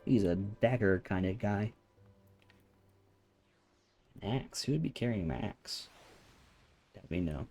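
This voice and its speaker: Soft-spoken, chill man streaming a game. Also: lowish voice, expressive, normal speed, creaky, soft background music. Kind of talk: casual chat while gaming. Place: home room with rain on the ceiling.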